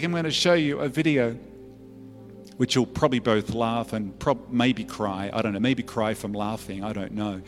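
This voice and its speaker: A middle-aged Australian pastor with a medium-pitched voice gives an earnest sermon testimony at a moderate pace, telling it conversationally like a story and often restarting phrases. It's recorded in an echoey church hall with faint music.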